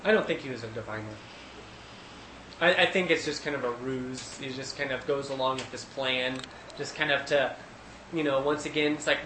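A man with a slightly higher voice leads a relaxed Bible study, thinking out loud and restarting his sentences often. He livens up when he retells a scene. The room is echoey, with a faint hiss behind him. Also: moderate pace. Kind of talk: casual Bible study teaching.

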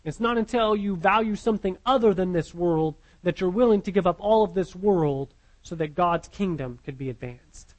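Guy with a high voice preaching, earnest, keeps repeating himself and asking questions. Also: moderate pace, few pauses, rough recording. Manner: earnest, repeats words, asks the listeners questions. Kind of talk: sermon.

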